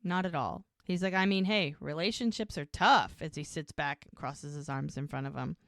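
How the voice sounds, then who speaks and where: A woman with a lowish voice talks through a TV episode on her podcast, retelling each scene and quoting the characters' lines as she goes. The sound is close and dry, with no room around it. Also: moderate pace, fairly bright tone, no echo. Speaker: podcast co-host. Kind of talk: casual recap of a TV episode.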